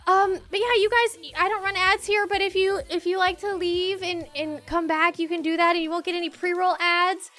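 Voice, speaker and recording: Very high, bright-voiced excitable woman streamer. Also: moderate pace, hardly any pauses, soft background music. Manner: excitable, giddy, often laughing and exclaiming. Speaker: streamer hosting a tabletop game session. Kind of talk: live stream chat thanking viewers.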